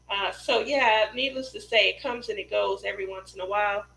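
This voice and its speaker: Chatty woman with a gravelly edge. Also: medium pitch, steady tone, moderate pace, fairly bright tone, echoey room, poor audio. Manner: chatty, laughing, self-deprecating storyteller. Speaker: craft channel host. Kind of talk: casual livestream chat.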